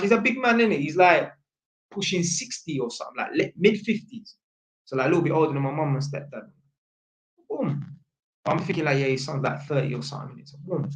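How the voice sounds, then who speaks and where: A young man tells a story in thick street slang and acts out each voice with energy. His voice sits a little high. The room around him is echoey. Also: brisk. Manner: animated, acts out voices, heavy London slang. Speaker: vlogger telling a story. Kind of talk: casual storytelling monologue.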